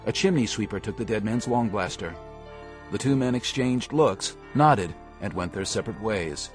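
A man giving a steady, measured scripted audiobook narration. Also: on the low side, faint music behind.

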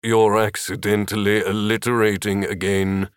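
A man voicing a dry, grumpy male wizard who talks with a low growl. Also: flat delivery, moderate pace, clean tone, no room sound, natural voice.

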